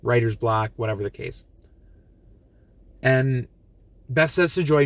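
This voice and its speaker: A man's voice: mid-range voice, unhurried, pauses often, dry recording. A man giving a casual, earnest film review to camera, gushing and emotional, often restarting and repeating himself. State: emotional, moved.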